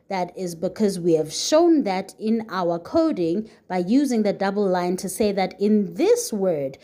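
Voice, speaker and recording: A woman's voice: medium pitch, darkish tone. A woman teacher leading a spelling lesson, reading each word, spelling it letter by letter and sounding it out patiently. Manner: clear, patient, slow letter-by-letter dictation. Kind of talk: spelling lesson, slow dictation.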